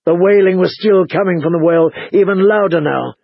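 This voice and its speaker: A man narrating a fantasy audiobook in a measured, dramatic storytelling manner. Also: high voice, gravelly, husky, no room sound. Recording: dull lo-fi recording.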